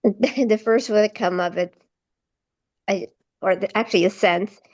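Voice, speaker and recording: A woman in a workshop speaking haltingly and with laughter, searching for words over a video call. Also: medium pitch, fairly even intonation, a little mellow, no echo. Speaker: workshop participant. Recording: muffled, dull video call audio.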